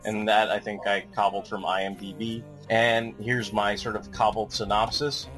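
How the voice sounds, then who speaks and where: A man's voice: mid-range voice, fairly bright tone, low-quality recording. A man hosting a podcast, rambling sardonically and swearing as he reads a synopsis. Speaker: podcast host. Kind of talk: casual podcast chat, reading a synopsis.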